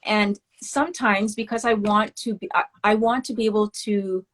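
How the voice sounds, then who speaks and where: Woman guest, West Indian heritage, candid and animated storyteller, mid-range voice. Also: medium pitch, normal speed. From West Indian family. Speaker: guest, children's book author. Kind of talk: casual interview talk.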